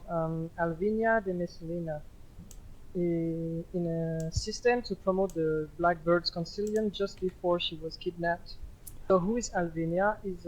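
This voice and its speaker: Slow-speaking man. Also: sits high, low-quality recording. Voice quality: slow, careful, searching for words. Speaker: gaming group representative. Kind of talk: casual remote chat.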